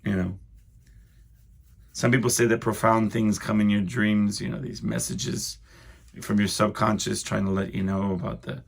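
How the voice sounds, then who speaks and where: On his solo podcast, a young man meanders from story to story, full of asides and filler words. He speaks at a normal speed in a lowish, level voice with vocal fry and a breathy edge.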